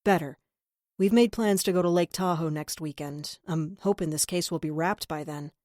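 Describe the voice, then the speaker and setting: A woman voicing a calm male detective. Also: on the low side, normal speed, dry recording, clean studio sound, lightly acted. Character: steady male detective partner.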